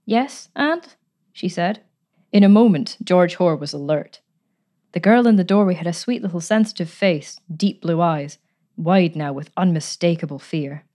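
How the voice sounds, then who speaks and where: A woman narrating a story aloud in a measured, even way. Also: fairly low pitch.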